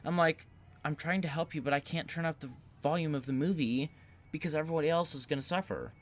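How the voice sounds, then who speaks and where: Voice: medium pitch, fairly even intonation, quick pace. A young adult who works at a movie theater, telling customer stories in an exasperated, casual way. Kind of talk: casual chat.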